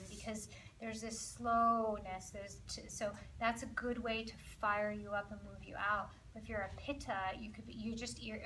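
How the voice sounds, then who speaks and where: A woman leading an ayurveda workshop, guiding slow breathing softly, then chatting in a lively, laughing way with her group. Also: mid-range voice, a little hiss or hum. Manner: soft and slow during breathing guidance. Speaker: yoga and ayurveda workshop leader. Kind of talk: guided breathing instruction. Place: workshop room with participants.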